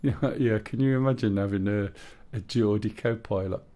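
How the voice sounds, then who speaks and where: A man's voice: lowish voice, moderate pace, dark tone. A man streaming a flight sim, chatting with opinions and explaining his helicopter controls step by step. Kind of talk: live gameplay commentary.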